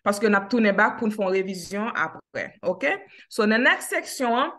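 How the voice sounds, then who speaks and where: A woman with a Haitian accent teaching an English class online, slowing down to model simple phrases. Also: medium pitch, lively intonation, a bit bright. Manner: switches between Haitian Creole and English, slows down to model phrases. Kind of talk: online language lesson.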